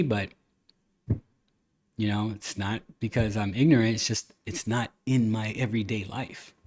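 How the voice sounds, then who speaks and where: This podcast host tells a family tale in a relaxed, animated way, full of restarts and retold dialogue, with a cuss word here and there. His voice sits on the low side, and his pace is normal.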